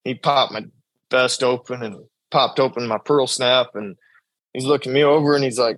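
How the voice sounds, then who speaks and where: A man's voice: medium pitch, fairly even intonation, fairly bright tone, no room sound, rough recording. Casting: young man, rodeo cowboy storyteller, easygoing mid-range voice, dead-dry studio sound. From New York state. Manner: drawn-out storytelling, acts out quoted dialogue. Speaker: bull rider guest. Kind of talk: casual storytelling interview.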